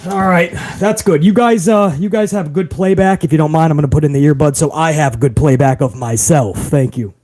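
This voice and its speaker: A man's voice: on the high side, a little fast, few pauses, darkish tone. A tired man hosting a live podcast, talking in a rambling, sarcastic way. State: tired after a long day. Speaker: podcast host.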